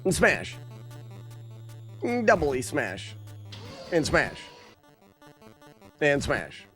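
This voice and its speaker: A man chats through a gameplay stream in a loose, rambling way, often restarting his sentences. His pitch rises and falls a lot as he talks. Faint music plays under his voice. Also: huge pitch swings, drawn-out words, fairly bright tone. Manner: chatty, rambling, self-correcting. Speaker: streamer and father. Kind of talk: casual gameplay live stream chat.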